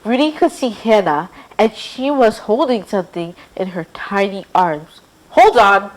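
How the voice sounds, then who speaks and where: A woman hosting a children's show, reading a storybook aloud in a clear, gentle way. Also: mid-range voice, animated, measured pace, poor audio.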